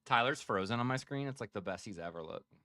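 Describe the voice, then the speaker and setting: A man's voice: medium pitch, expressive, fast, sharp tone, no room sound. A man co-hosting a casual sports chat on a live stream, laid-back and teasing, calling people dude and brother. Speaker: sports show co-host.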